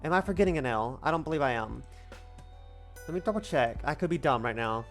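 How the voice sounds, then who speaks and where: A woman's voice: a bass voice, animated, a little fast, soft background music. A woman in her twenties streaming a game, chatting casually, rambling and playfully repeating herself. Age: 20s. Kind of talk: casual let's-play chat.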